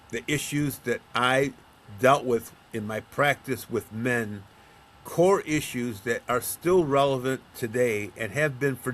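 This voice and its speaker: This mid-range male voice, with a little background noise, belongs to a middle-aged or older counselor of men from Buffalo, New York. He's a guest in a conversational interview, telling stories and acting out the voices of the people in them.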